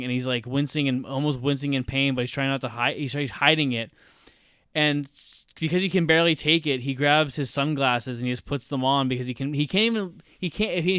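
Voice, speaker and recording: Excitable swearing man recapping a scene. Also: medium pitch, clear, resonant tone, no room sound, clean studio sound. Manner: excitable, profane play-by-play retelling. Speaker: podcast co-host. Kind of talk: casual film podcast chat.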